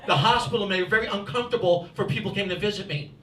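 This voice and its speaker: New stand-up guy, high voice, chatty crowd-work, roomy club mic with laughter behind. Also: quick pace, a bit bright, distant mic. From New Jersey, US. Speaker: stand-up comedian. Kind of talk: stand-up set. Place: comedy club with live audience.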